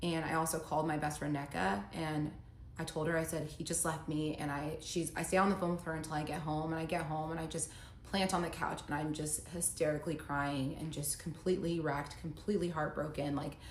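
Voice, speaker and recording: Woman, lowish voice, emotional storytime monologue, echoey room. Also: flat delivery, brisk, a little hiss or hum. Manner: emotional, reads out text messages in her own voice. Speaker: storyteller recounting her own breakup.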